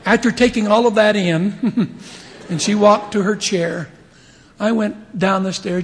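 A man's voice: high voice, takes it slowly, pauses often, big-room sound, a little hiss or hum. A man in his fifties giving a humorous sermon, telling stories and acting out the voices of the people in them. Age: 50s. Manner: animated storyteller acting out voices, chuckling often. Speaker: church leader giving a devotional talk.

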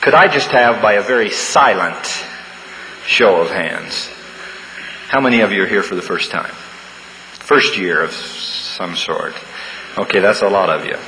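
A man giving a humorous sermon to students, a folksy storyteller who pauses with uhs and restarts. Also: on the low side, sharp tone. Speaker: speaker at a campus devotional. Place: large church hall. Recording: large hall, faint room noise.

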